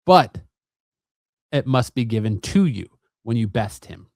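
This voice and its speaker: A man voicing a strong, commanding warrior woman who speaks in a firm, steady way. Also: mid-range voice, a little slow, dry recording, studio quality.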